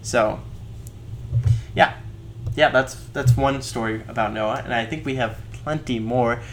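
A man's voice: medium pitch, unhurried, slight background noise. A young man in casual chat, telling rambling stories with frequent laughs.

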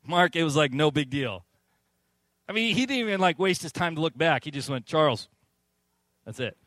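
A man preaches to his congregation with a fairly high voice. He tells lively stories and acts out the quotes. The sound is dry and close. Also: a little fast, dry recording. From Southern California. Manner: animated storytelling, acts out quotes. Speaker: pastor. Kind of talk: sermon.

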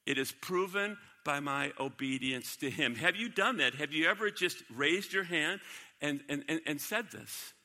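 A man's voice: fairly high pitch, animated, normal speed, pushed and bright. A male pastor preaching a sermon in a church, emphatic, repeating key lines and putting questions to the congregation. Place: church sanctuary. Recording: long reverb of a large hall.

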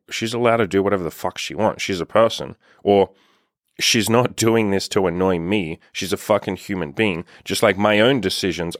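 A man's voice: low voice, dry recording, clean studio sound. A man giving dating advice as a coach in a casual, blunt monologue, swearing freely and leaning on "like" as a filler. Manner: blunt, profane, lots of "like" fillers.

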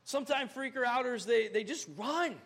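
A young male pastor preaches a sermon in church at a normal speed, his high voice carrying a gravelly edge. He's animated, acting out small scenes and suddenly bursting into loud outbursts.

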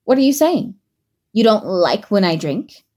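A woman's voice: mid-range voice, sing-song, unhurried, darkish tone. A drunk, feisty young woman , as a woman narrator puts her on, pouting and snapping in a raised, petulant voice. She sounds tipsy and stubborn.

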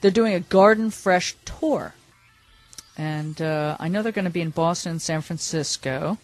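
A woman's voice: lowish voice, moderate pace, faint music behind. A woman hosting a radio show, chatting casually and laughing easily while reading out product details.

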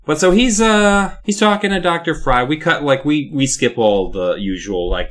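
A man's voice: a little high, lively intonation, moderate pace, hardly any pauses, fairly bright tone. A man co-hosting a podcast, recapping an episode in a loose, profane, jokey way. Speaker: podcast co-host. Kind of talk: casual chat recapping an episode.

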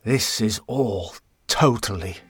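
An actor playing a drunk, grieving father who is bitter and agitated and whose voice breaks into shouts. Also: fairly low pitch, slow, very noisy.

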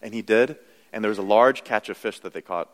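A man's voice: fairly low pitch, brisk, big-room sound. A young adult man preaching a sermon in a conversational, self-deprecating way, full of "you know"s. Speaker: pastor.

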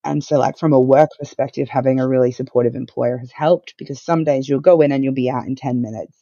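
A woman's voice: rumbling low, steady tone, fast talker, warm tone, no echo. A woman guest on a podcast, telling her own story in a candid, matter-of-fact way with a wry edge. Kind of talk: casual conversational storytelling. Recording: dull lo-fi dry sound.

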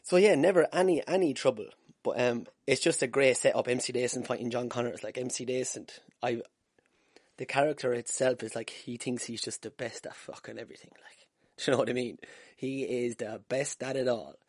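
An Irish man chats alone into a wired mic in a room at home, telling stories in a loose, swearing, self-mocking way. His voice is husky at a middling pitch. The sound is dry and close, with no echo. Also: a little fast, darkish tone. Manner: swearing, self-deprecating, laughing at himself. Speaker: podcast host. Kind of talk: casual solo podcast storytelling. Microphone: wired podcast mic.

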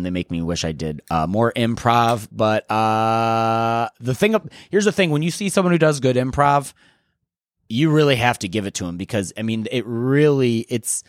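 A young man hosting a solo podcast, chatting in a rambling, profane, excitable way. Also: medium pitch, no echo, clean studio sound. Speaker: podcast host. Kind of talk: casual solo podcast chat.

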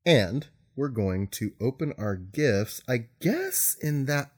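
A man's voice: mid-range voice, lively intonation, slow, a little mellow, breathy edge. A young man co-hosting a podcast, explaining a gift exchange in a joking, rambling way. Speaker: podcast co-host. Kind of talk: casual chat.

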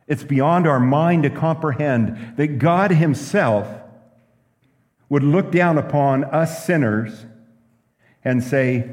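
A pastor preaching a sermon, telling stories and asking the room questions. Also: male voice, a little high, slow pace, in a large hall. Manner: lively preaching with stories and asides.

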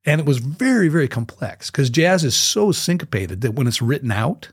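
A man guesting on an interview, telling a story with lively energy and scatting out the rhythms he describes. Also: mid-range voice, moderate pace, slightly rough, dry recording, studio quality. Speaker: guest musician.

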